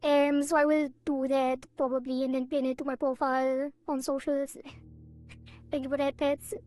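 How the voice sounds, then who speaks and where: A woman's voice: high voice, flat delivery, moderate pace, a little mellow, no room sound. A woman streaming a game, chatting casually with her viewers in a rambling, giggly way with playful sound effects. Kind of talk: casual live-stream chat.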